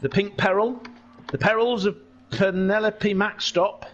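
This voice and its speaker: A man's voice: high-pitched, a little slow, lo-fi sound. A man giving jokey, rambling live commentary on a sim race. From England. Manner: excitable, jokey, tangent-prone.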